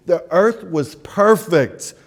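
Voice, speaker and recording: A man's voice: sits high, animated, slow. A man preaching a sermon, telling a Bible story earnestly with rhetorical questions.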